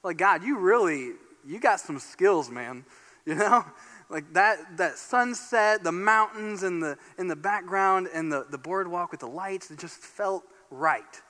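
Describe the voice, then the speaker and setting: Excitable pastor preaching in a reverberant hall. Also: male voice, high voice, measured pace. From Northeast Indiana. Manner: animated, storytelling, excitable. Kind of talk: sermon. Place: church sanctuary. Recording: long church hall reverb.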